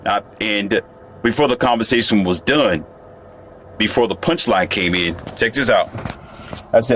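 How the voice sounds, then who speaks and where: A man's voice: fairly low pitch, a little slow, long pauses, fairly bright tone, a little hiss or hum. A man telling a story to the camera in a casual, boastful monologue, often turning to the viewer. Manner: boastful, chatty, addresses viewer directly. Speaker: vlogger.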